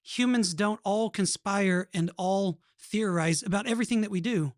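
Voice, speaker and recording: A man's voice: high-pitched, normal speed, no echo, studio quality. A man hosting a podcast in casual chat, earnest and rambling, often restarting his sentences. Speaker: podcast host.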